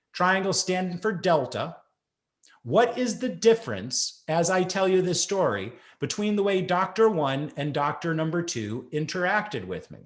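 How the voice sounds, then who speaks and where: A middle-aged man giving a keynote talk to an audience, telling a personal story and acting out the voices in it. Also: fairly high pitch. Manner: animated, acts out voices in stories. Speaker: keynote speaker.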